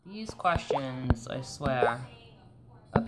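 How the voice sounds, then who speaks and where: A woman's voice: rumbling low, animated, takes it slowly, music in the background. A woman with a Long Island New York accent, hosting a casual live stream and answering viewer questions in a chatty, coaching way.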